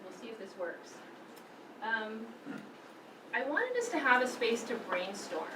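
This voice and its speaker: A woman's voice: a little high, very animated, unhurried. Woman presenter guiding a workshop. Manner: thoughtful, guiding, many fillers. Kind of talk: workshop facilitation. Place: conference room. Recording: roomy, from far off with background noise.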